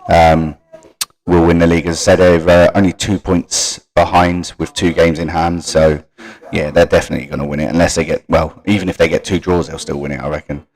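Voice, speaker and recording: Low-voiced man hosting a stream. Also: little pitch movement, fairly quick, creaky, darkish tone, rough recording. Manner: reads league stats off screen and chats to viewers. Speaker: stream host. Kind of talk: live-stream league roundup.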